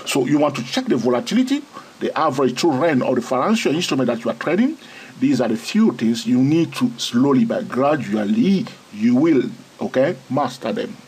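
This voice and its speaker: Male trading tutor, husky voice, very lively pitch, keeps checking "okay?". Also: rough recording. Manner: repeats "all right?" and "okay?" often, pointing at charts. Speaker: trading instructor. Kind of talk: screen-recorded trading lesson.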